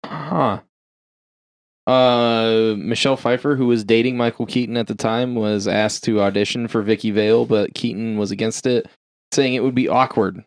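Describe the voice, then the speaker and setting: A man's voice: mid-range voice, steady tone, normal speed, dry recording, studio quality. A man co-hosting a casual film chat, reading out trivia and swearing now and then. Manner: reads trivia aloud, swears and laughs often.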